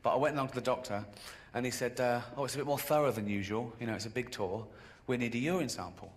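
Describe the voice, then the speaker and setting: A man performing a stand-up routine on a live stage. He tells stories deadpan and breaks into sudden high-pitched outbursts. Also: fast. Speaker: stand-up comedian.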